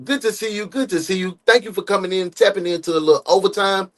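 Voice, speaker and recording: Slangy aave dude reacting to a crime clip, loud and lively, voice jumps around a lot. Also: male voice, sits high, fast. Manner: animated, slangy, talks back at the clip. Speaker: true crime reaction host. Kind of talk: casual reaction commentary.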